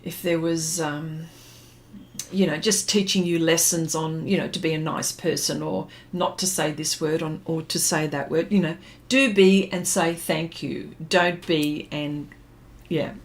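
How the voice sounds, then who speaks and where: Her voice is low, unhurried, and fairly even in intonation as this middle-aged woman draws on her art livestream. She rambles and reminisces casually, reading viewer comments, with plenty of fillers and laughing.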